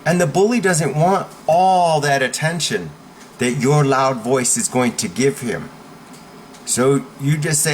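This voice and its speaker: Man, coach, emphatic and blunt, slow delivery, lively intonation, keeps asking "okay?". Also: fairly high pitch, slight background noise. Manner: emphatic, repeats "okay?" to check in; forceful, blunt instruction. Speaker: self-defense coach. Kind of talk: motivational coaching talk.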